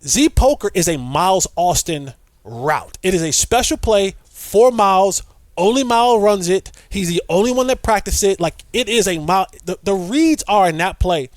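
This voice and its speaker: A middle-aged man with a fairly high voice tells a story with rising excitement, acting out what others said and tripping over repeated words. The sound is dry and close, with almost no room around it. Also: moderate pace, no echo. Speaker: podcast guest, former player. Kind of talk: animated storytelling.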